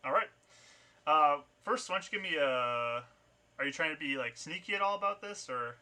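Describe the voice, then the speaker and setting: A man's voice: a little high, lively intonation, moderate pace, pushed and bright. A man narrating a tabletop game as game master, describing scenes with many small restarts. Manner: descriptive, with frequent fillers and restarts.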